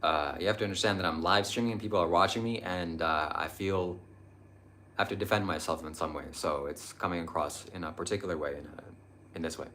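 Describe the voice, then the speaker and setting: Low-voiced man live-streaming spiritual advice. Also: fairly quick, fairly bright tone, slight background noise. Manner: earnest, meandering, hesitant with many ums. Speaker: livestream host answering viewer chat.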